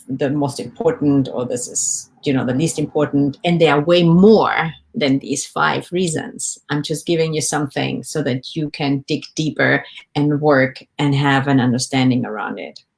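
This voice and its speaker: A woman with a notably low, deep voice talks straight to her listeners in a podcast. Her manner is gentle and encouraging, and she keeps putting questions to them as she coaches. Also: gravelly. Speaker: podcast host, life coach. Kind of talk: reflective solo podcast talk.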